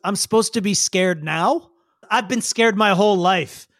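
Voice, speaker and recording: A man's voice: high voice, a bit bright, no echo, clean studio sound. A man voicing a smug, taunting young male villain in a tabletop game. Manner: sneering, taunting, slow and smug. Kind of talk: game master voicing a character.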